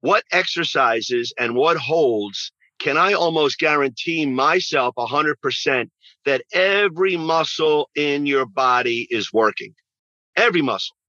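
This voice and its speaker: A man's voice: fairly high pitch, expressive, unhurried, pushed and bright, no room sound, muffled recording. A man who works as a fitness trainer, answering interview questions in an emphatic way and repeating phrases for stress.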